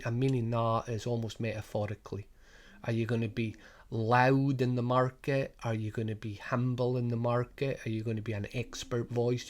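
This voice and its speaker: Highland Scottish man explaining a coaching programme. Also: a little mellow. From Scotland. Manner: rambling, many restarts and rhetorical questions. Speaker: sports business coach. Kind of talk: informal spoken programme overview.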